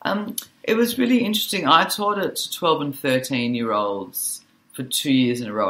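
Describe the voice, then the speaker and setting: A woman social worker and author, a guest on a podcast, telling animated stories about teaching teenagers and laughing easily. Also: rumbling low. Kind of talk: conversational interview.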